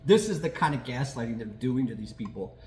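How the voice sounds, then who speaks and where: A man hosting a casual political chat, animated and quick to laugh, swearing and acting out quotes as he talks. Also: medium pitch, roomy sound, slight background noise. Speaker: podcast host.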